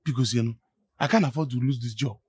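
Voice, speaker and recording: A man's voice: medium pitch, fast talker, darkish tone, husky, no room sound, studio quality, close to an everyday voice. An actor with a Nigerian accent playing a desperate young servant who stammers and begs to keep his job in a Nollywood film. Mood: pleading. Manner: stammering, pleading.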